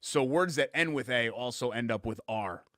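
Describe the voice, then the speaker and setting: A male co-host on a sports talk show who tells stories in a chatty way and drops in quick asides. His voice sits at a middling pitch and sounds close and dry, with no room echo. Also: sharp tone.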